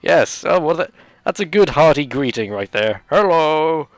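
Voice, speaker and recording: A man's voice: a little high, expressive, moderate pace, no room sound, soft background music. A man hosting a let's play, giving rambling, sarcastic gameplay commentary full of jokey asides.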